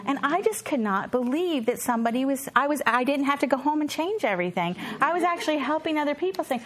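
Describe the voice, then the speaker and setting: A woman's voice: high voice, lively intonation, fast. A woman in her fifties, an earnest and self-deprecating conference speaker and homeschooling mother who rambles with restarts and reads a book aloud. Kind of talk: conference talk and read-aloud. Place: conference session.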